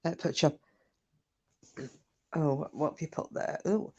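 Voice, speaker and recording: Woman host, lower voice, chatty, laughing, salty-tongued. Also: measured pace, long pauses, a little mellow, slightly rough. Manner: chatty, laughs often, swears casually. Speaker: live stream host. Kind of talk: casual chat reading viewer comments. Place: home, windy day.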